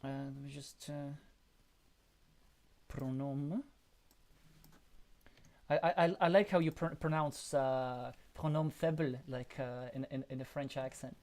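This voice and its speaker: A man's voice: mid-range voice, level tone, moderate pace, few pauses, darkish tone. A man hosting live commentary of an online board game match, chatty and speculative, often stumbling and restarting his words. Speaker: host and commentator.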